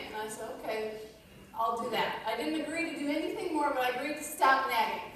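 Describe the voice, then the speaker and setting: A high-pitched woman tells a personal story to an audience, with a loose, chatty delivery full of fillers. She sounds distant from the mic, and her voice rings through a large, very echoey hall. A faint hum sits underneath. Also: fast, a bit bright. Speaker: speaker at a company event. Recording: echoey hall recorded from far off.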